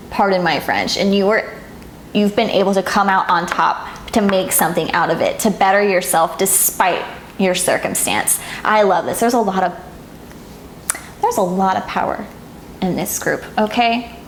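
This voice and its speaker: A woman giving a tarot reading straight to the camera, earnest and tender, often slowing down. She speaks at a medium pitch in an echoey room. A faint hiss sits under her voice. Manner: soft, emotional, gets teary and laughs. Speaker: tarot reader.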